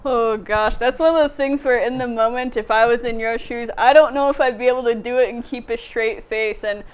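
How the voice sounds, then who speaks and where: A woman's voice: a little high, steady tone, fairly quick, smooth. A woman co-hosting a local newspaper talk show, upbeat and chatty, with many filler words. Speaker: newspaper co-host. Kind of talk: casual chat.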